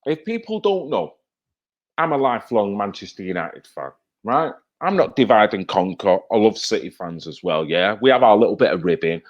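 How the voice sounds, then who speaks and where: A man's voice: lowish voice, big pitch swings, normal speed, dull audio. A man commenting on TV clips in a heated, emphatic rant, often tagging his points with "right?". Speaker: video commentator. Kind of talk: reacting to TV clips, ranting.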